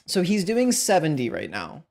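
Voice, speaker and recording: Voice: mid-range voice, wildly swooping pitch, normal speed, vocal fry, darkish tone. A card game streamer in casual gaming commentary, swearing freely and picking apart their own misplays in rambling, restarting sentences.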